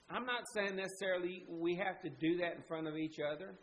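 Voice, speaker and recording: A man's voice: sits high, moderate pace, few pauses, fairly bright tone, rough recording. A man preaching a sermon as pastor, earnest and emphatic, pleading with his listeners.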